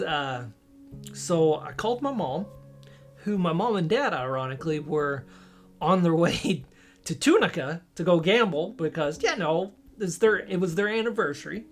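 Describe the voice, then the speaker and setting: A man telling a personal story in a casual, halting way, often restarting sentences and acting out what others said to him. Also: on the high side, vocal fry. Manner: halting, with many restarts and quoted dialogue. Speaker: storyteller recounting a personal experience.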